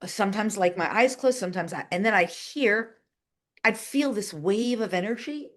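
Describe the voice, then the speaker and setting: A woman being interviewed, telling a long story in a chatty, animated way, with lots of "like" and voices acted out in quotes. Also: mid-range voice, moderate pace. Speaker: guest, channeler and animal communicator.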